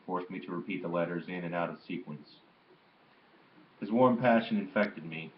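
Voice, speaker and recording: Deep-voiced male reader, steady and plain, small slips; roomy, muffled home recording with faint hiss. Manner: steady, plain reading with occasional slips and restarts. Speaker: audiobook reader. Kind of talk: reading a memoir aloud.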